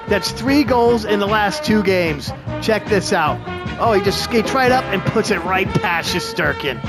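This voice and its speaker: A man giving excited play-by-play of a hockey video game he is playing, openly rooting for his team. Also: high-pitched, a little slow, over music.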